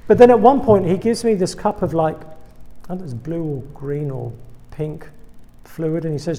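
A man's voice: on the high side, normal speed, hardly any pauses, warm tone. A man from England with an English accent, a guest preacher giving a humorous sermon to students, full of self-deprecating, wry asides.

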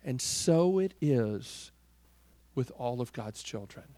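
A man preaching a sermon, swinging from loud, forceful declarations to hushed, near-whispered lines. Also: medium pitch, lively intonation, slow pace. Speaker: pastor.

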